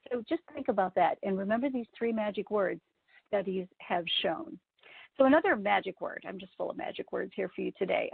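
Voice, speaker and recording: A woman's voice: medium pitch, vocal fry, husky, no room sound. A woman giving a storytelling talk to event professionals, telling a personal anecdote with asides to her listeners. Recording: tinny phone-like dry sound.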